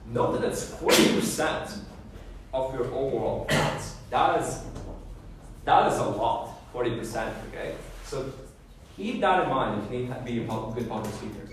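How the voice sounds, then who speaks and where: A man's voice: mid-range voice, lively intonation, normal speed. A man giving a classroom lecture on debate judging, often checking in with "okay?" and "right?". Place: lecture room. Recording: echoey room, voice far from the mic, faint background noise.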